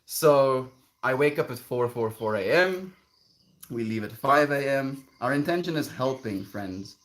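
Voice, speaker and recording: A man's voice: mid-range voice, lively intonation, unhurried, a bit bright. A man, streaming and telling a story casually, rambling and repeating words as he goes. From South Africa.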